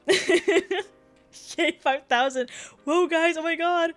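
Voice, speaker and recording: A woman's voice: very high voice, extremely slow, faint music behind. A young woman streaming, chatting casually with her chat, laughing often and tripping over restarts. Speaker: VTuber streamer.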